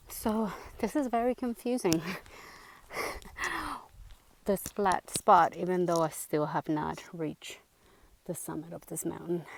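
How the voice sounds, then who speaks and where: A woman talks to her camera as she hikes a mountain trail, unhurried and a little low, and lights up easily at what she sees. She is sometimes short of breath from climbing, and faint outdoor noise sits behind her voice. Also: darkish tone. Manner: chatty, easily delighted narration to camera. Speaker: hiking vlogger. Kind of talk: casual trail vlog.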